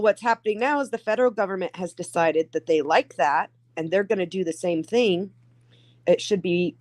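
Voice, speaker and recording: A woman's voice: medium pitch, no echo. Middle-aged woman, earnest explainer in casual chat; dry, close sound. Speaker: guest in a chat.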